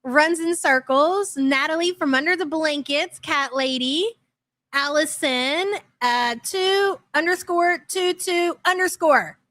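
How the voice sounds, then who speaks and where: A woman's voice: high voice, takes it slowly, a bit bright. A woman hosting a live reaction stream, talking bluntly and mockingly with plenty of profanity. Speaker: commentary channel host.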